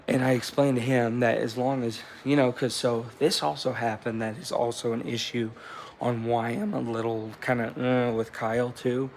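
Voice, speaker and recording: Casting twenties guy, mid-pitched, offhand vlog rambler who swears and restarts a lot, faint background noise. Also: fairly even intonation, normal speed. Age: 20s. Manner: loose storytelling with frequent swearing and restarts. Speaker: vlogger. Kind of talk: casual rambling chat. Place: indoors at home, with a cat.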